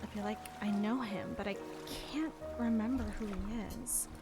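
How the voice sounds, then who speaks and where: A young woman streamer reading a game's story and dialogue aloud, soft and expressive. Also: mid-range voice, normal speed. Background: game music.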